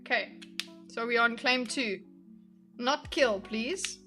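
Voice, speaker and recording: Over soft background music, a woman speaks slowly in a fairly high, sharp-toned voice. It's a casual reaction livestream where she giggles, chats, and reacts to videos with viewers, talking to her chat as she draws a diagram.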